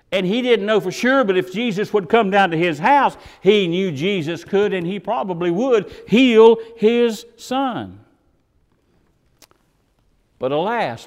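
Animated preacher man in a reverberant hall. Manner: dramatic, voices quoted characters with swings in pitch and volume. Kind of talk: sermon.

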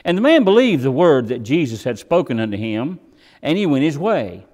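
A man's voice: very animated, moderate pace, darkish tone. A man preaching a sermon, dramatically voicing the people he quotes. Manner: dramatic, voices quoted characters with swings in pitch and volume. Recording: long hall reverb.

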